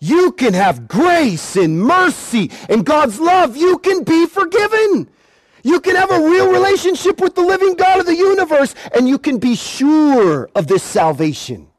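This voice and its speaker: A male preacher giving an animated evangelistic sermon at an outdoor gathering, repeating words and shouting at times. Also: very high-pitched, no room sound.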